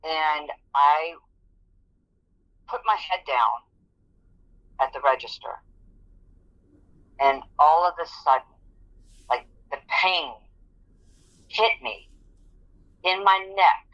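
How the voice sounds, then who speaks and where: A woman's voice: low voice, slow, long pauses, fairly bright tone. A middle-aged woman, an interview guest, telling her personal story in an earnest, vivid way. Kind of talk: personal testimony in conversation. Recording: dull lo-fi audio.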